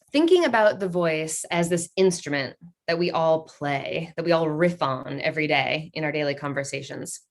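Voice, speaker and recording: A woman leading an online workshop over a video call, playful and upbeat as she reads out answers from the chat. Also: sits low. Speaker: workshop leader.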